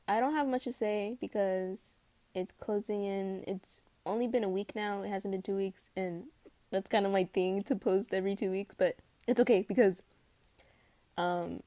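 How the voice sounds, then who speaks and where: A woman's voice: mid-range voice, a little mellow, dry recording. Giggly young woman reading fanfic. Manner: laughs often, chatty asides. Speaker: fanfic reader.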